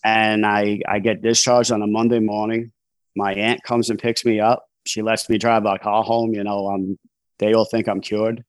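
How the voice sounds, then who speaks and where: A man recounts his past in a relaxed, candid podcast interview. His voice sits fairly low, and he talks in loose, chatty runs full of fillers and restarts. The sound is close and dry, with no room echo. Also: moderate pace. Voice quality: conversational, frequent "you know" fillers and restarts. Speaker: podcast guest, author in long-term recovery. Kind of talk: candid storytelling in a casual interview.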